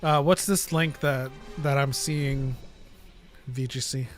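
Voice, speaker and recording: A man's voice: medium pitch, steady tone, takes it slowly, soft background music. A man co-hosting a casual chat podcast, playful and laughing often. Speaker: podcast co-host.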